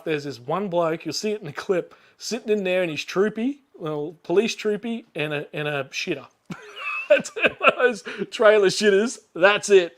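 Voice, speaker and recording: Chatty, high-voiced Australian man. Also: fairly bright tone. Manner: rambling, laughs often, lots of fillers and restarts. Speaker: YouTuber guest. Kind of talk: casual storytelling chat.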